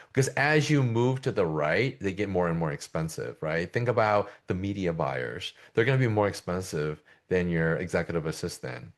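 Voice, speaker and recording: A middle-aged man presenting a business coaching session in a conversational way, often checking in with "right?". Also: sits low. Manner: conversational, keeps asking "right?". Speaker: agency coach.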